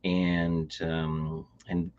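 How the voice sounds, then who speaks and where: Low-voiced Canadian man, rambling co-host. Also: monotone, very slow, darkish tone, smooth, highs cut off. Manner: rambling, repeats words and restarts. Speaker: podcast co-host. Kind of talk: casual chat.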